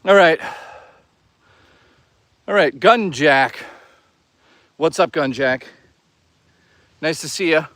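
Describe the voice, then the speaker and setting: A man talking casually to his live chat while walking outdoors in the woods, excitable, joking and swearing a lot. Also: on the high side, drawn-out words, pauses often, no echo. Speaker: live streamer. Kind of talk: casual live-stream chatter.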